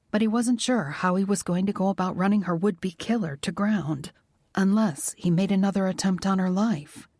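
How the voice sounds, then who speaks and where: Audiobook narrator, woman, low-set voice, soft measured read, dry booth. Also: dry recording. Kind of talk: scripted narration.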